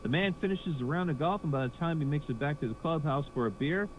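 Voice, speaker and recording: A man telling a stand-up joke as a lively storyteller. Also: fairly high pitch, fast talker, lo-fi sound, slight background noise. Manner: lively storyteller, laughs at own punchline. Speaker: comedian telling a joke, then handing to next act.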